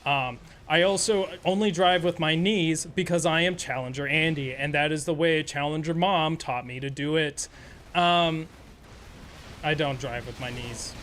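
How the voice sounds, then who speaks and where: High-voiced man telling a rambling story. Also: a bit bright, slight background noise. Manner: rambling, profane, sarcastic. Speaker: game streamer. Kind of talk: casual storytelling while gaming.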